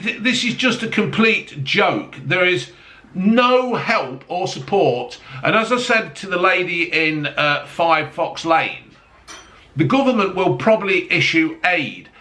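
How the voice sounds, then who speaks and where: A man's voice: on the high side, sharp tone. A man ranting angrily in casual chat, swearing as he talks to camera. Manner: angry, sweary rant. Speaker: vlogger.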